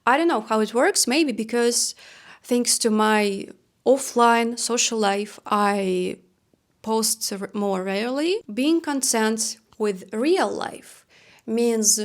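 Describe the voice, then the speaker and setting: A woman's voice: on the high side, expressive, slow pace. A young adult woman from Russia with a Russian accent, speaking in a reflective, self-deprecating personal vlog monologue. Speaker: vlogger.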